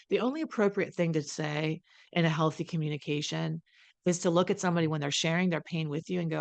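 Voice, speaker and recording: A woman's voice: deep voice, a little fast. A woman recovery coach talking straight to camera from home, blunt and emphatic, swearing freely and acting out what other people say. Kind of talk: casual direct-to-camera talk.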